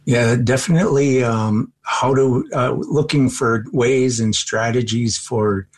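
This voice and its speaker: A man who teaches forestry at a college, answering interview questions in a thoughtful, measured way with frequent ums. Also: mid-range voice.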